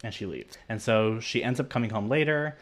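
A man with a mid-range voice speaks fairly quickly as a podcast co-host, casually recapping a film's plot. His retelling rambles and leans heavily on "like".

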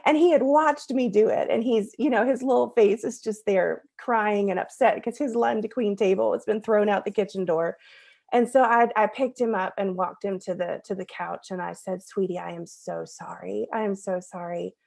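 As a podcast guest, this woman in her thirties shares a family story at a middle pitch, earnest and conversational, occasionally laughing at herself. Her pace is normal, with vocal fry and a slightly mellow quality.

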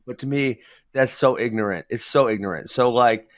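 A man's voice: mid-range voice, normal speed. A man co-hosting a casual wrestling talk show, giving opinionated rants. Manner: opinionated, ranting, animated. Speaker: podcast co-host. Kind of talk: casual chat.

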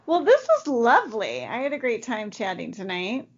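A woman's voice: a little high, wildly swooping pitch, moderate pace, lo-fi sound. Chatty, rambling woman podcast host. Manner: chatty, rambling with many fillers. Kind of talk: casual chat.

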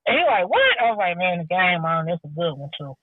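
A woman telling stories in a casual chat, animated and acting out what people said. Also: on the low side, fast. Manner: animated storytelling, acting out quotes. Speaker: podcast guest. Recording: tinny phone line, dry.

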